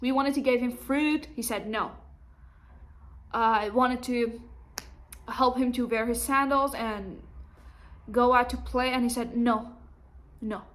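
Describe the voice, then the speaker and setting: A woman's voice: a little high, steady tone, slow, pauses often. A young adult woman vlogging at home, telling a personal story to the camera and acting out the things people said in a raised voice. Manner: acts out quoted dialogue in a raised voice.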